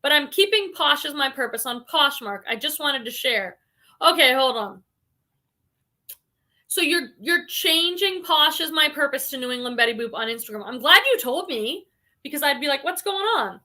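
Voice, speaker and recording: A woman's voice: sits high, lively intonation, normal speed, sharp tone. A woman hosting a casual livestream, chatting freely with lots of "like" and "um" and reading viewer comments aloud. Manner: frequent "like" and "um" fillers. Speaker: reseller livestream host.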